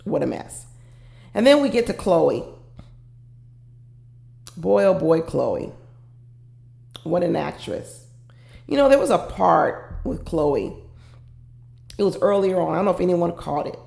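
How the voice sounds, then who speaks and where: Low gravelly woman ranting about a reality show, echoey room. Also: very animated, a little slow, long pauses, dark tone. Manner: opinionated, talks straight to viewers. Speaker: reality TV commentator. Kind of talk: casual commentary to camera.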